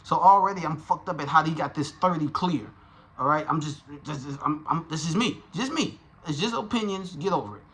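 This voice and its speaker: A man giving a casual, profane, animated review of a rap battle, talking in slang and restarting his sentences often. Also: on the high side, brisk. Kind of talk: casual commentary.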